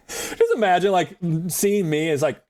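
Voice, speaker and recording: A male game streamer chatting through his play in a joking, profane, rambling way. His slightly high voice bounces around a lot in pitch as he talks. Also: darkish tone. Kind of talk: casual gaming commentary.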